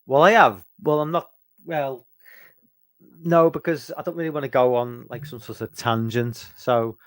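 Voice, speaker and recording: A tired, middle-aged British man fights sleep while rambling through a late-night Q&A live stream, loose and sweary, with many restarts. His mid-range voice has fairly even intonation and a moderate pace. The recording is studio quality with no room sound.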